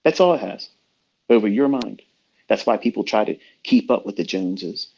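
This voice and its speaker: A man's voice: lowish voice, animated, brisk, vocal fry, a little mellow, slightly rough. A middle-aged man talking as a trading mentor in a blunt, profane, preachy rant. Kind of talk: unscripted rant. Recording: dull lo-fi audio.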